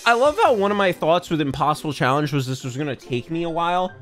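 Over background music, a young man with a slightly high voice, lively intonation and fast delivery gives goofy, rambling let's-play commentary from his home office. The gaming YouTuber makes self-aware jokes and often stammers and restarts.

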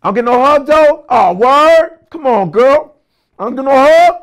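A man's voice: extremely high pitch, animated, moderate pace, voice pushed up. A man voicing a pushy guy who whines and wheedles a woman for a hug. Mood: whiny pleading. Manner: whiny, wheedling pleading.

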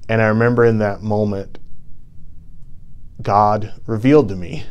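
A man's voice: lowish voice, a little mellow. Earnest man giving an impassioned talk. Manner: earnest, impassioned, rhythmic repetition for emphasis. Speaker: presenter. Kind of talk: TED-style inspirational talk.

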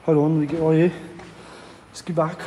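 A young man hyping up a workout and running the video, loud and swearing casually. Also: fairly high pitch, little pitch movement, fairly quick, muffled recording. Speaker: vlogger. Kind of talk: gym hype shouting. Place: gym at night. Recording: echoey gym hall with noise.

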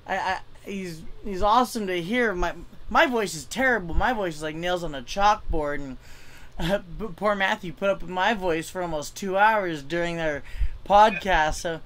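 A man's voice: high-pitched, normal speed, fairly bright tone. A young man does stand-up over a video call, talking in loose, rambling runs. He stumbles and restarts often and keeps putting himself down. The delivery stays casual and unpolished. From California. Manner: rambling, self-deprecating, stammering restarts. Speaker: stand-up comic.

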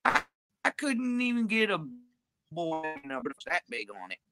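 A woman's voice: lowish voice, big pitch swings, unhurried, over loud music. A woman livestreaming, talking in a crude, profane, drawling ramble.

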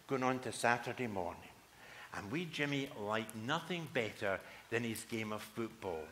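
A man's voice: medium pitch, pushed and bright, slight background noise. A man, a pastor giving a playful children's address and telling a story in a church service.

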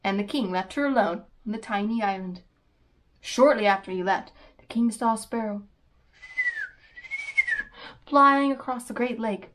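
Expressive woman reading a children's story. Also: on the high side, unhurried, long pauses, rough recording. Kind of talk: storybook read-aloud.

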